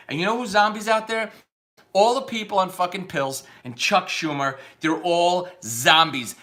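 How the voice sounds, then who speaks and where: A man's voice: high voice, sharp tone. A man delivering an unscripted, profane, combative rant that rambles from point to point.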